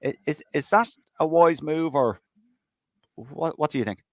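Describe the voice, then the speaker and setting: A man's voice: fairly high pitch, measured pace, dry recording, clean studio sound. A man hosting a casual sports podcast, asking questions in a chatty, teasing way. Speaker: host.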